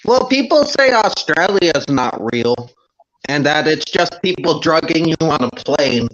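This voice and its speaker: A man's voice: on the high side, animated, unhurried, fairly bright tone. A man making jokes in a casual chat while watching a movie with friends. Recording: dull lo-fi sound.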